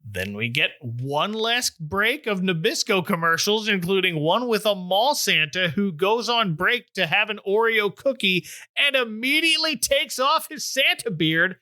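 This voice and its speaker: A man's voice: sits high, expressive, measured pace, hardly any pauses, bright, forceful tone, no room sound, studio quality. A middle-aged man hosting a casual chat recap, wry and joking. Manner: wry, joking, puts on silly voices for quotes. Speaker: podcast host recapping a TV special.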